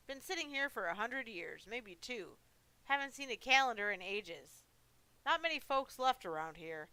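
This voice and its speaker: A woman's voice: a little high, sharp tone, clear, resonant tone, no room sound, rough recording. A woman voicing a lonely, forgetful old male monster in a horror game, who rambles and mocks himself. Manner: rambling, self-mocking, talks to himself.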